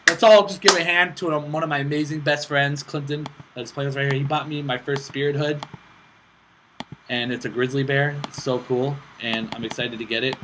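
An excitable young man rattles off joking, self-mocking gameplay commentary, swearing often. His voice sits at an ordinary middle pitch. A steady hiss of background noise and mouse clicks runs under the recording. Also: normal speed. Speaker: gaming channel host. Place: indoors, playing on a laptop with friends in the room.

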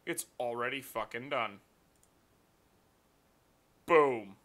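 A man's voice: mid-range voice, sing-song, normal speed, pushed and bright. A man streaming live, ranting in a profane, exasperated way at his computer.

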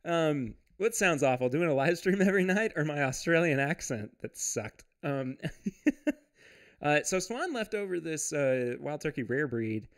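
Chatty man, lively slow drawl. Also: on the high side. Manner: chatty, laughs often, rambling with restarts. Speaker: podcast host. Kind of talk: casual livestream chat, reading viewer comments. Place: at home.

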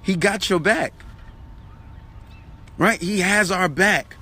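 A man's voice: high-pitched, slow, pushed and bright, husky. A man giving an urgent, repetitive motivational Bible talk as an online preacher, urging viewers to keep working.

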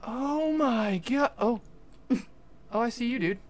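A young adult livestreamer giving jokey, excitable commentary while playing, often talking to the game's characters. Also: mid-range voice, slow. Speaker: gaming livestreamer. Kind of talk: live gameplay commentary.

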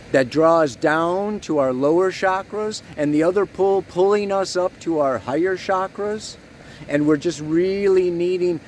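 A man's voice: fairly high pitch, slight background noise. A man giving a rambling, earnest spiritual astrology talk, leaning hard on key words.

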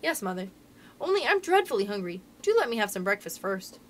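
A woman voicing an honest, brave young miner boy in a storybook reading, dropping her voice lower and speaking steadily. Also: big pitch swings, brisk, fairly bright tone, slight background noise. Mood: earnest.

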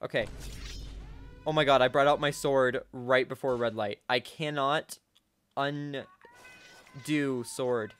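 A man giving casual gameplay commentary, talking to himself and breaking into sudden high-pitched outbursts at a desk microphone. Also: steady tone, slow, pauses often, fairly bright tone, slight background noise. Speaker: gaming channel host.

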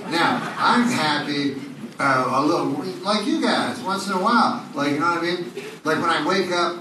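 A man's voice: on the high side, expressive, normal speed. A man doing a rambling, crude stand-up set with meandering asides, taped from the audience in a comedy club. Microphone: audience bootleg recording from far off. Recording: far-off echoey club bootleg with loud crowd. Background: loud audience laughter and noise.

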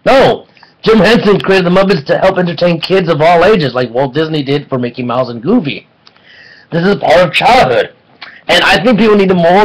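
A man giving a casual online film review, excitable and rambling, with jokes between points. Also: a little high, poor audio.

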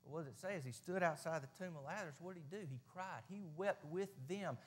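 A man with a Southern US accent preaching a sermon in a church, folksy and plain-spoken, swinging between loud passages and hushed ones. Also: on the high side, racing, breathy edge. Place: church sanctuary.

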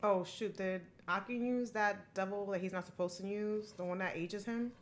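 A woman hosting an anime reaction video, talking to herself with excitable, emotional outbursts. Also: mid-range voice, moderate pace, noisy background. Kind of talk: live reaction commentary.

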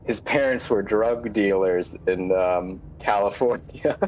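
A man playing in a tabletop role-play, talking haltingly with many restarts. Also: fairly low pitch, darkish tone, lo-fi sound, a little hiss or hum. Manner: halting, full of restarts and laughs. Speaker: player.

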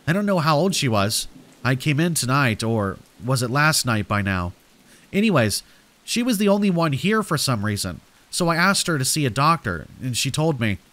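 A worn-out park worker from a horror story, played by a man. He answers curtly and defensively, plainly exasperated. The voice sits at a middle male pitch. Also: big pitch swings, moderate pace, a bit bright. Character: irritated, weary adult male park worker.

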